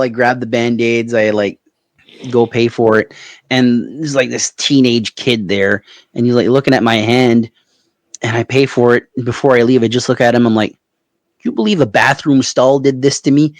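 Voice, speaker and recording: A man with a Canadian Maritimes accent tells a meandering anecdote on a podcast, chuckling as he goes. His voice sits at an everyday pitch, recorded close and dry. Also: darkish tone, no room sound. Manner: rambling anecdotal, laughs at own story. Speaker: podcast co-host. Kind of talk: casual storytelling chat.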